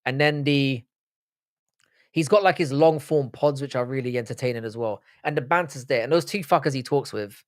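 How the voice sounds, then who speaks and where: A man's voice: medium pitch, moderate pace, dry recording, clean studio sound. A man hosting a live stream, chatting casually, reading chat comments aloud and answering with swearing banter. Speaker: livestream host.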